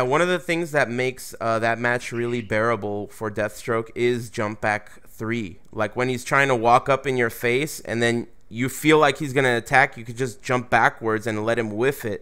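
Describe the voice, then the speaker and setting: A man's voice: medium pitch, bright, forceful tone, clean tone. A man hosting a casual gaming talk show, loose and joking, who swears freely. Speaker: podcast host. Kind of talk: casual chat.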